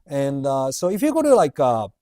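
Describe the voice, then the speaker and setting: His medium-pitched, mellow voice swoops wildly up and down at a normal speed. He's a chatty, rambling livestream host who reads viewer questions aloud and laughs while answering them.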